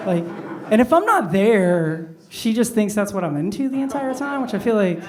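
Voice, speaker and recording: Fairly quick and sing-song, a middle-aged man's high voice carries his loose, conversational stand-up set, full of "like" fillers, from a comedy club stage. A distant mic picks up roomy club acoustics, crowd noise, and audience laughter.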